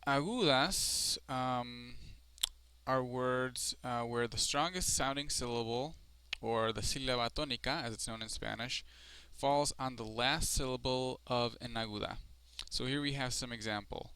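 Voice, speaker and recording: A man's voice: medium pitch, fairly even intonation, measured pace, sharp tone, slight background noise. A man teaching Spanish marks in a screencast lesson, explaining step by step with frequent ums and restarts. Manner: explanatory, with frequent fillers and self-corrections.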